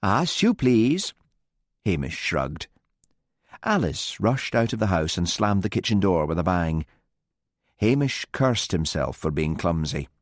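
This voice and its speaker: A man narrating an audiobook with expressive storytelling. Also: low-pitched, unhurried, no echo, studio quality. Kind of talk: scripted narration.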